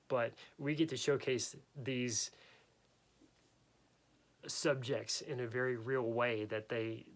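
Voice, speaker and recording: A man hosts an unscripted talk about photography, with a middle-range pitch. He rambles, often stops to restart or correct himself, and has the hiccups. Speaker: photography podcast host.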